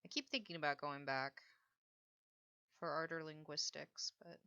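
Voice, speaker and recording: A woman's voice: sits low, moderate pace, sharp tone, smooth, no echo, highs cut off. A woman chatting casually and easygoing while she draws on a stream, joking about herself. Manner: chatty, self-deprecating, easygoing. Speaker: artist streaming a drawing session. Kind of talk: casual chat while drawing.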